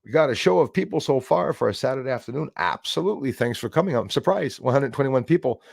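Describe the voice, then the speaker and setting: A man's voice: mid-range voice, lively intonation, fast talker, creaky, no echo, studio quality. A man hosting a casual live stream, rambling and greeting chat viewers by name.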